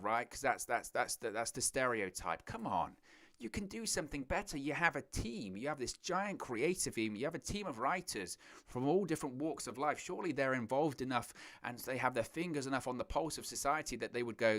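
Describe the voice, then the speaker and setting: A man's voice: medium pitch, brisk. A man talking through a wrestling show in a loose, unscripted opinion monologue. His voice sits in the middle register and keeps doubling back on phrases. When he mocks someone, his voice jumps sharply upward. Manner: animated, repeats phrases, voice jumps up when mocking.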